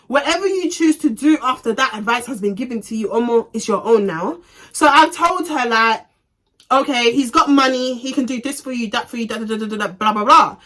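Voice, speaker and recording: Bright-voiced young woman telling a story. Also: a little high, fairly quick. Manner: animated, profane, slangy retelling. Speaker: vlogger. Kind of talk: casual storytime.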